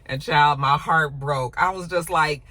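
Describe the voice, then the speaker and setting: Bright-voiced woman yapping through a show recap, blunt and swears a lot. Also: low voice, unhurried, no echo. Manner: chatty, animated, blunt and profane. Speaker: TV recap YouTuber.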